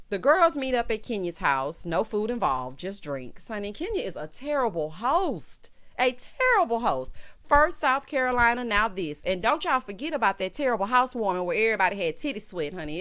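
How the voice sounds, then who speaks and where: A woman from Texas with a Southern twang, recapping reality TV in a sassy, animated way, calling everyone honey. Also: mid-range voice. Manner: sassy, animated, peppered with 'honey'. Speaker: recap vlogger.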